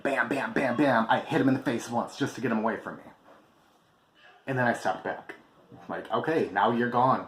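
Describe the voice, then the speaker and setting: A man tells a personal story to camera in a vlog, candid, emphatic and swearing freely. His medium-pitched voice carries a little hiss or hum, recorded in an echoey room with faint ambience.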